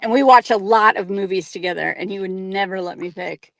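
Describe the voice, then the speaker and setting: A young woman with a Midwestern American accent co-hosts a casual live stream, speaking briskly in a medium-pitched, fairly bright voice with vocal fry. She's chatty and giggly, full of ums and likes, and her voice is recorded dry and close with no echo or room sound.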